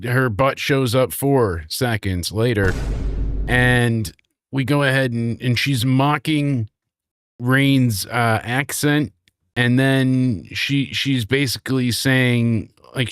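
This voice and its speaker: A man hosting a relaxed wrestling review, his voice in a middle register and recorded very dry and close, with no room sound at all. He rambles through the recap with animated energy and slips into brief impressions. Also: medium pitch, takes it slowly, clean tone, no echo. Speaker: wrestling show reviewer, host. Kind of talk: casual chat.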